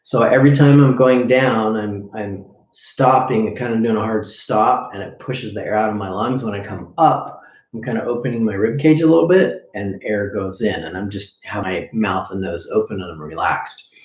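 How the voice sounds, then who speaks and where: Lowish-voiced male breathing coach, echoey room. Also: moderate pace. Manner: demonstrates drills while explaining, checks in with "okay?". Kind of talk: live-streamed breathing lesson.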